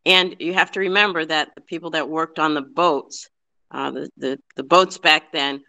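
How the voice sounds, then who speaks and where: A man giving an earnest, fast-paced history talk, full of fillers and restarts. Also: on the high side, fairly even intonation, sharp tone. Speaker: guest speaker on local history. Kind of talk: informal history talk with questions.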